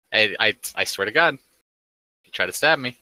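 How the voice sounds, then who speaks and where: A man's voice: fairly low pitch, animated, moderate pace, pushed and bright, dry recording, rough recording. A man playing a tabletop game, brash and given to swearing and threats in character. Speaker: player.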